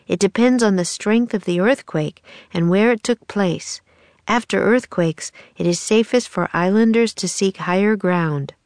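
A woman reading a children's chapter book aloud in a clear, measured storytelling voice. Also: fairly low pitch, darkish tone, dry recording. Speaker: audiobook narrator.

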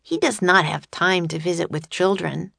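A woman's voice: on the low side, normal speed, gravelly, a bit bright, no room sound, exaggerated voice. A woman reading a storybook and voicing a proud young boy who speaks in a matter-of-fact, superior way.

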